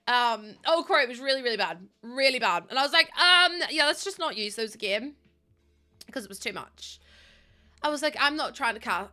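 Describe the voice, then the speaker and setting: A young woman, worn out, chats loosely with viewers while playing a game live, giggly and rambling. Her voice is medium in pitch with a sharp tone.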